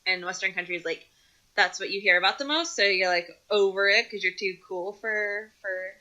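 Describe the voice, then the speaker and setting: A woman's voice: mid-range voice, normal speed, pushed and bright. A woman from the United States co-hosting a podcast in casual chat, with a wry, teasing manner as she steers the talk. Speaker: podcast co-host.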